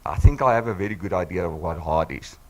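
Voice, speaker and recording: A man in his sixties with a husky voice, hoarse from flu, giving an emphatic, encouraging motivational speech to a live audience on a handheld mic. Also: deep voice, fast talker, very noisy. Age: 60s. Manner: emphatic, encouraging, repeats for effect. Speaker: business team speaker. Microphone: handheld microphone.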